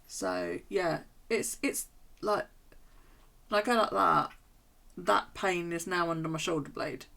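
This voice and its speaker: Woman, slightly low voice, casual chatty storytelling, swears. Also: slow pace, gravelly, pushed and bright. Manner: chatty, rambling storyteller who swears freely. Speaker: streamer. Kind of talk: casual chat while journaling on stream.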